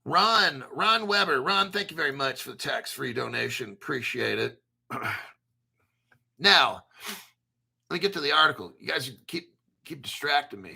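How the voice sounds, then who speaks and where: A man's voice: on the high side, animated, normal speed, creaky, pauses often, sharp tone, slightly rough. An American man hosting a crypto livestream, reading the chat and articles in a hyped, brash, rambling way with some swearing. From United States. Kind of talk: excited livestream commentary.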